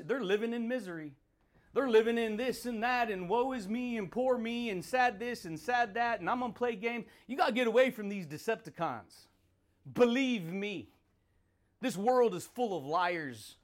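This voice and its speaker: High-voiced man riffing, laughing. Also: fairly bright tone. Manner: rambling, laughs between points, swears; repeats catchphrases and calls listeners dude and baby. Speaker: podcast host. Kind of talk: motivational monologue.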